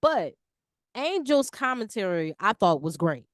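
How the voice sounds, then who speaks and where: A woman co-hosting a casual sports talk show, lively and full of slang. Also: medium pitch, unhurried, no room sound, studio quality. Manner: animated, slangy, lively talk about basketball. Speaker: podcast co-host.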